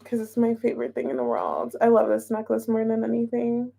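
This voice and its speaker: A woman's voice: fairly high pitch, sing-song, a little fast, gravelly, warm tone. A woman giving a casual, playful tarot reading, chatting openly and emotionally as she shuffles and pulls cards. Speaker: tarot reader.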